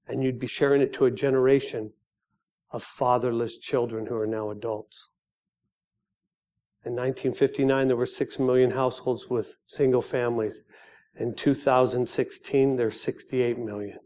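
A middle-aged man giving a sermon testimony, moving from quiet reflection to fast, excited storytelling. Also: medium pitch.

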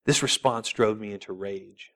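A man with a lowish voice and normal speed delivers a church sermon built on personal stories. He tells them animatedly, asking rhetorical questions and laughing between points.

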